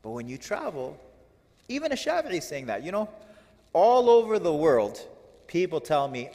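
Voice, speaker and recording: A man giving a religious lecture on classical poetry, animated and firing rhetorical questions at his audience. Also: fairly high pitch, normal speed, long reverb tail. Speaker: religious teacher.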